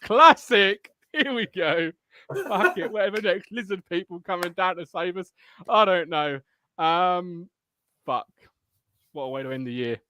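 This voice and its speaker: A man's voice: high-pitched, unhurried, bright, forceful tone, no echo. A man with a Suffolk accent hosting a casual live fan show from his living room while ill with tonsillitis. He swears freely, laughs at himself, and rambles between thoughts. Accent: Suffolk English. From Suffolk, England. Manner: swearing, laughing, self-mocking.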